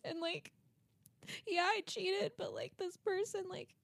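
Young female co-host, high-pitched, tearful and rambling, dry recording. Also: wildly swooping pitch, takes it slowly, creaky, no echo. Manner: tearful, confessional, filler-heavy. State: crying. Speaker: podcast co-host. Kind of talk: casual chat.

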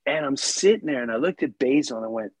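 Male host, husky voice, lively anecdote-teller, acts out the voices. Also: medium pitch, fast talker, no room sound. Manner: animated, acts out voices in anecdotes, laughs often. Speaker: podcast host. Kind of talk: storytelling in casual conversation.

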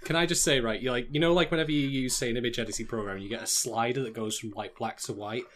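A man's voice: medium pitch, fairly even intonation, fast talker, a bit bright, slight background noise. A man co-hosting a podcast, wry and self-mocking, laughing often in casual chat. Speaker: podcast co-host.

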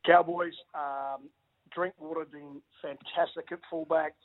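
A middle-aged man, a former rugby league player, chatting excitedly as a radio guest, stumbling over restarts and calling everyone mate. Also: a little high, a little slow. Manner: excitable, stammering restarts, says mate a lot. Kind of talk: casual radio phone interview. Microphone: phone. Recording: phone-line audio.

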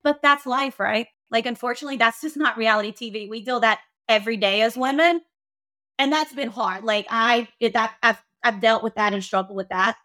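A woman's voice: on the high side, brisk, sharp tone. A woman hosting a podcast, talking frankly and bluntly, swearing freely. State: emotional. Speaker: podcast host. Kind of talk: casual podcast monologue.

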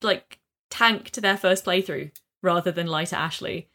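A woman's voice: fairly low pitch, unhurried, a loud crowd. A woman co-hosting a casual podcast, retelling a game story with enthusiasm and many fillers. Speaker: podcast co-host.

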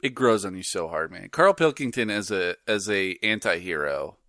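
Animated man chatting on a podcast. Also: low-pitched, moderate pace, no room sound, studio quality. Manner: animated, laughs often, does silly voices in stories. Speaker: podcast co-host. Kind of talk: casual chat.

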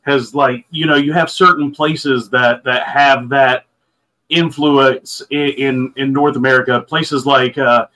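A man's voice: mid-range voice, fairly even intonation, slow pace, pushed and bright, rough recording. Enthusiastic man, stumbling restarts. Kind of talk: casual podcast discussion.

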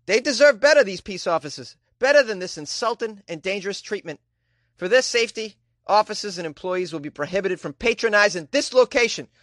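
A man's voice: high-pitched, animated, a little fast, fairly bright tone, no echo, pitched above the performer's own voice. A man reading news items in an exaggerated Boston accent, with mock-outraged asides. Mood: mock-serious. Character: man doing an over-the-top Boston-accented news reader.

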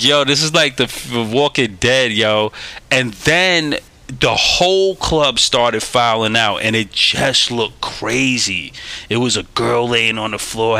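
A man hosting a recovery podcast, telling a story in a casual, animated way and acting out the dialogue with streetwise slang. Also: medium pitch. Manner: animated, acts out quoted dialogue; streetwise slang, says "yo" and "y'all". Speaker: podcast host. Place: New York City.

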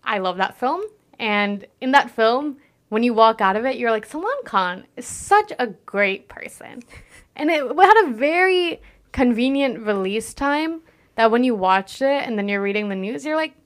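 Animated woman podcast co-host. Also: fairly high pitch, moderate pace. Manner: animated, gushing, swings into mock-quoting voices. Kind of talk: casual chat.

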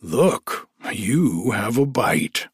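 A man's voice: fairly low pitch, sing-song, drawn-out words, vocal fry, slightly rough, dry recording, studio quality, heavily acted. A man voicing a bold, cheerful male god who teases his companion in a storybook reading. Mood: teasing. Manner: cheerful and teasing.

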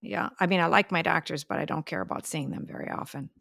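A woman's voice: deep voice, fast, vocal fry, fairly bright tone, no echo. An older woman, a podcast co-host and mother, telling stories in casual family chat, chatty and exclaiming. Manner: chatty storyteller, exclaims, laughs.

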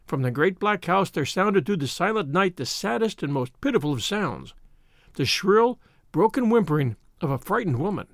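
A man narrating a story in an expressive, dramatic reading. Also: sits high, normal speed, no echo, clean studio sound. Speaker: audiobook narrator. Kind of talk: scripted narration.

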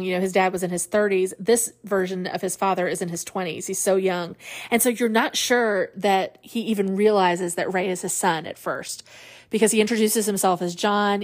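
Podcast lady walking through a film plot, lively, does little voices for the lines, middle pitch. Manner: animated retelling, acts out quotes, laughs. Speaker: podcast host. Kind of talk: casual movie recap.

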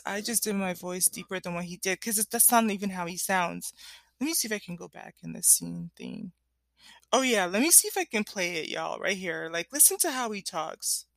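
Female vlogger, casual rambling chat, animated and giggly, dry recording. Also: mid-range voice, no echo.

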